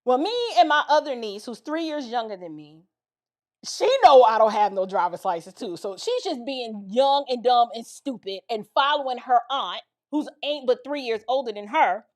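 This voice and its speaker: A woman tells a story from her own life in a relaxed, chatty way. Her voice sits high and swings widely as she builds the drama and keeps turning to her listeners with asides. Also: moderate pace. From the Bronx, New York. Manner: animated, dramatic retelling with lots of asides to the listener. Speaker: commentator telling a personal story. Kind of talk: casual storytelling.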